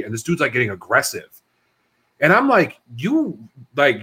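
Man, podcast co-host, lively up-and-down voice, swears a lot, acts out quotes, faint background noise. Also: mid-range voice, normal speed. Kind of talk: casual storytelling chat.

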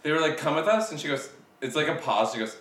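A man's voice: mid-range voice, quick pace, a bit bright, echoey room, far from the mic. A man co-hosting a casual, joking film chat, swearing and laughing often. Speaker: podcast co-host.

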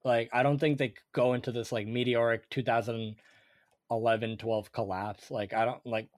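A young man co-hosting a casual sports podcast, animated and thinking aloud with lots of fillers. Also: medium pitch, moderate pace, no room sound, studio quality. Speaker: podcast co-host.

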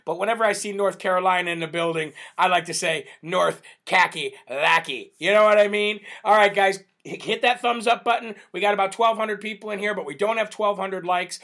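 A man hosting a live stream, reading out viewer shout-outs in a chatty, casual way, laughing often and using many fillers. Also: sits high, steady tone, fairly quick, hardly any pauses. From United States. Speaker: livestream host.

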